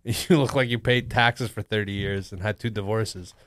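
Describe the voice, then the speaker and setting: A man's voice: lowish voice, fairly even intonation, normal speed, a bit bright, dry recording. A young man hosting a casual talk show, teasing his friend with profane jokes and frequent laughter. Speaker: podcast host. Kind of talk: casual banter.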